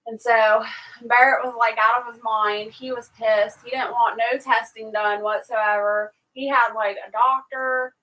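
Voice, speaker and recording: A woman's voice: a little slow, far from the mic, poor audio. A woman hosting a livestream, casually telling a long story and acting out what people said. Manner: animated, acts out quotes with raised pitch.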